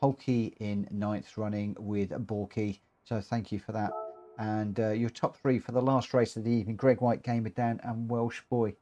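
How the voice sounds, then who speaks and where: A man hosting a live racing game stream, talking excitedly and rambling, often tripping over his own words. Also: on the low side, moderate pace.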